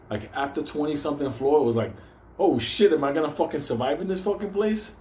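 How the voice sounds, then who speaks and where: A man hosting his own show, telling a comic story with constant swearing and animated bursts. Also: medium pitch. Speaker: show host. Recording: echoey room with faint ambience.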